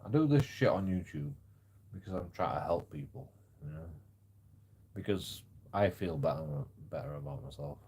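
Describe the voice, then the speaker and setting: A man streaming live who rambles and stammers, swearing freely and swinging between loud outbursts and low mutters. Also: lively intonation, moderate pace, a little hiss or hum.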